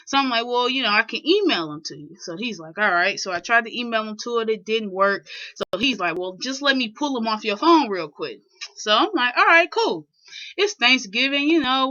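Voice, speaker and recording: A young woman vlogger tells a personal story in a loose, rambling way, constantly checking in with her listener. Her voice sits a little high and sounds bright and forceful. The audio is dull and lo-fi. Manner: rambling, filler-heavy, keeps asking "you know what I'm saying". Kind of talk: casual storytelling to camera.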